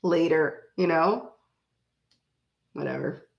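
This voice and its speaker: A tarot reading host in her forties rambles through stories and laughs often while chatting casually with viewers on a card reading stream. Her deep, creaky voice takes its time, and the recording is muffled with roomy echo.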